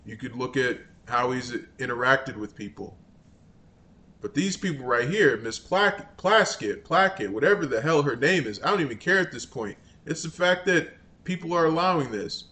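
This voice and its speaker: A man's voice: mid-range voice, lively intonation, normal speed, bright, forceful tone. A man hosting political commentary, ranting in an exasperated, scornful and rambling way.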